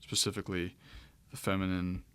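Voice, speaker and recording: A man teaching Greek grammar in a relaxed, explanatory way as he walks through a screen-share lecture, with frequent fillers. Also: low voice, a little fast, smooth.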